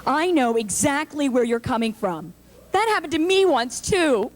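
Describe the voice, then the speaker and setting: Punchy high-voiced woman comic. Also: lively intonation, moderate pace. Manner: punchy, jumps into character voices. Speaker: stand-up comedian. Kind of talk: stand-up comedy set. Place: live comedy club stage.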